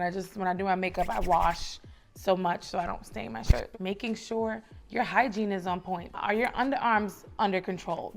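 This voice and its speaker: A young woman from the Bronx with a New York accent, giving casual lifestyle advice in a chatty, emphatic way. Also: mid-range voice. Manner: chatty, emphatic, repeats phrases for rhythm. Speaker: lifestyle vlogger.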